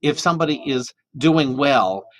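A man giving a sermon in a church, animated and chatty, restarting often and slipping into playful quoted voices. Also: mid-range voice, normal speed. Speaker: minister. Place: church sanctuary. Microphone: microphone.

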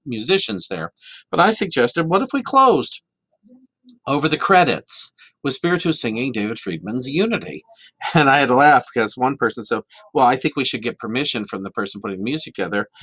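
A man giving a sermon in a church, animated and chatty, restarting often and slipping into playful quoted voices. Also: mid-range voice, no echo. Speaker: minister. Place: church sanctuary. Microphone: microphone.

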